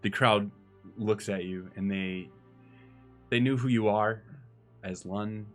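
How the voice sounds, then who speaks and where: A young man narrating a tabletop game as dungeon master, halting with many fillers. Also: lowish voice, steady tone, soft background music.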